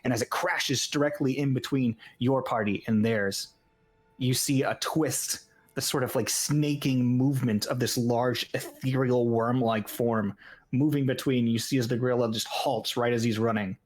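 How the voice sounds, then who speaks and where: A man's voice: medium pitch, steady tone, moderate pace. A man narrating a tabletop game as game master, in a casual style with frequent "like" fillers.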